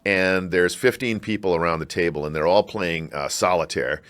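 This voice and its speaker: A middle-aged man from Chicago, a scholar talking in a podcast interview, reflective and halting with animated bursts. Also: low-pitched, smooth. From Chicago, United States. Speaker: guest, scholar and university provost.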